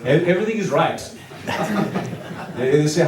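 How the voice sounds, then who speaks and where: A man's voice: fairly high pitch, expressive, normal speed, noisy background. A man doing stand-up comedy, playful and chatty, laughing often and quizzing his audience. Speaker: guest comedian. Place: community hall. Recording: echoey hall, far mic, audience.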